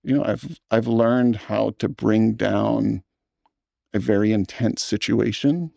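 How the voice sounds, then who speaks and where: A man, a film director, talking in an interview in a thoughtful, earnest way with halting restarts. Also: fairly low pitch, fairly even intonation, vocal fry, warm tone, no echo, studio quality. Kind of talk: reflective interview talk.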